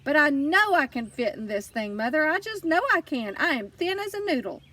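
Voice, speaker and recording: A woman voicing an excitable, dramatic little girl in an audiobook, pleading and squealing. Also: high voice, a little fast, recorded from a distance, exaggerated voice. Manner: pleading, bouncy, loud squeals. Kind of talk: audiobook character voice.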